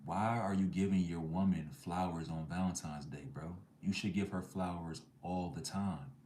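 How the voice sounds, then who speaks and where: Deep-voiced man ranting to live chat. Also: steady tone, moderate pace, a little mellow, echoey room, slight background noise. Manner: blunt, slangy, preachy. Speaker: livestream host.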